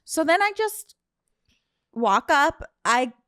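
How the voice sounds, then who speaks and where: A young woman with a high, bright-pitched voice co-hosts a casual comedy podcast, telling a story with indignant energy, quick swearing and frequent laughs. The sound is dry and close, with no room around it. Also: sing-song, dry recording. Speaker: podcast co-host.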